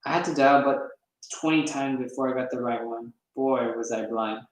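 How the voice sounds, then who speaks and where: A man's voice: mid-range voice, flat delivery, normal speed. A man reading a novel aloud in a casual first-person storytelling way, with some stumbles along the way. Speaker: reader. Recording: echoey room.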